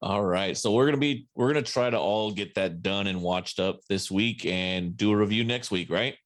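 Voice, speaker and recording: A man's voice: fairly low pitch, normal speed. A man hosting a podcast in casual banter, steering the topics with self-deprecating jokes. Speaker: podcast host.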